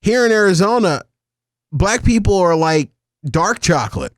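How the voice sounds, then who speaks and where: A man co-hosting a podcast in casual banter, animated and joking, speaking into a close mic. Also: high-pitched, moderate pace, no echo. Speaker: podcast co-host.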